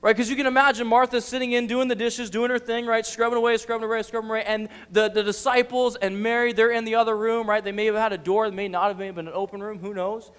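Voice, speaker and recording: A man's voice: high voice, fast talker, few pauses, clean tone, big-room sound. A man who is a youth ministry director, preaching a casual, chatty sermon in a church and acting out the story. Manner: chatty, animated, full of filler words. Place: church sanctuary.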